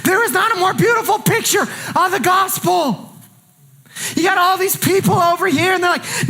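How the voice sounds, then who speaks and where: A man preaching a sermon as pastor, impassioned and colloquial, swinging between quiet lines and shouted ones and repeating phrases for emphasis. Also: extremely high pitch, moderate pace, gravelly.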